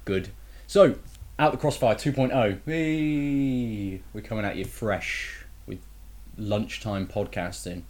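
Brief: male podcast host, fairly deep, loose banter with tag questions. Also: lively intonation, a little slow, a little mellow. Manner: chatty, teasing, leans on tag questions. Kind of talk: casual gaming podcast chat.

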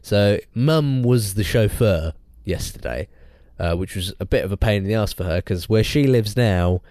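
A man's voice: fairly low pitch, moderate pace, no room sound, studio quality. A young man, co-hosting a podcast in casual chat and rambling through stories with lots of restarts. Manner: rambling, restarts often, animated storytelling. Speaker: podcast co-host.

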